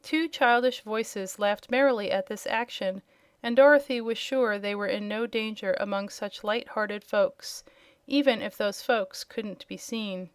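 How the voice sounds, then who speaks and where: A woman narrating a storybook in a clear, even read-aloud manner. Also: mid-range voice, unhurried, no room sound. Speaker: audiobook reader.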